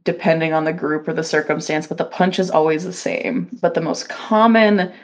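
A woman co-hosting a podcast in casual chat, playful and quick to laugh. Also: low voice. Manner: laughs easily, unhurried, playful. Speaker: podcast co-host.

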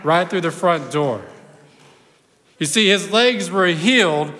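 A male pastor preaching an animated sermon, swinging from loud bursts to hushed storytelling. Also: high voice, slow pace, big-room sound.

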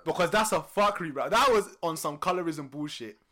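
A young man with a London accent, casually telling a story on a podcast, animated and laughing often. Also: brisk. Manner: animated, swings loud and high when excited, laughs often. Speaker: podcast co-host.

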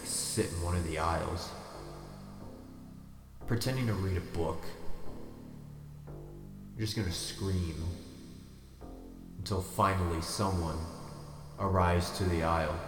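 A deadpan man hosts a podcast, rambling through absurd, self-mocking jokes in a very low voice. The room is echoey, with a long reverb tail, and faint music runs underneath. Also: unhurried, long pauses. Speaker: podcast host. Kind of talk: rambling comedic monologue.

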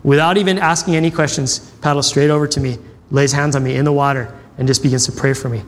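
A man's voice: mid-range voice, fairly even intonation, fast talker, long reverb tail. A man preaching a sermon, telling personal stories in a conversational way and acting out the dialogue. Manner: conversational, acts out quoted dialogue. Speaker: pastor.

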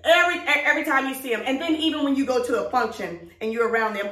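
Middle-aged woman, emphatic and preachy, slightly high voice, echoey room, distant mic. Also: steady tone, fairly bright tone, a little hiss or hum. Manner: emphatic and preachy, drawn-out words. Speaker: podcast co-host. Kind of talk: casual chat.

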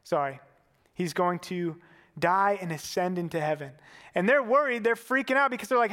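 A man's voice: sits high, moderate pace, a bit bright, big-room sound. A man preaching a sermon in a casual, conversational way, using everyday fillers.

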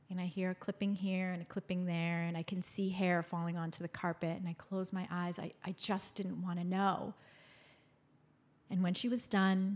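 A woman in her fifties hosting a podcast, telling a personal story with an expressive manner that swings between bright, louder moments and soft, hushed ones. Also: on the low side. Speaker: podcast host.

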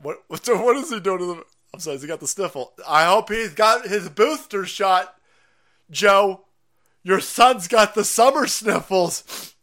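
A man's voice: sits high, lively intonation, a little slow, bright, forceful tone. A man hosting a livestream, ranting in profane, mocking commentary and laughing often. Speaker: livestream host.

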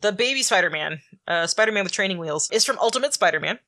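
Bright-voiced chatty woman co-host. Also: medium pitch, fast talker. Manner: chatty and animated, many "like" fillers, frequent laughs. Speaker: podcast co-host. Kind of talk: casual chat about comics.

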